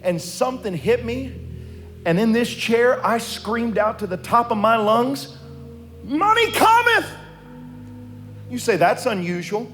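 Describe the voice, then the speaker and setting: A man preaching to his church in a fairly high voice. He drops into quiet storytelling, then climbs into loud, sing-song exhortation, with faint music playing under him. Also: a little slow. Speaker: pastor. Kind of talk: sermon. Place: church sanctuary.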